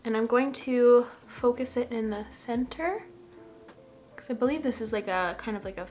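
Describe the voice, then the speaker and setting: Bubbly, excitable young woman vlogger. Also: fairly high pitch, moderate pace. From Canada. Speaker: makeup vlogger. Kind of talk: casual beauty vlog chat.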